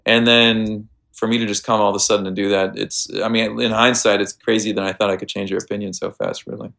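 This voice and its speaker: American male guest, gravelly low voice, loose rambling storyteller. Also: little pitch movement, quick pace, a bit bright. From United States. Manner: rambling, lots of fillers and restarts. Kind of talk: casual storytelling chat.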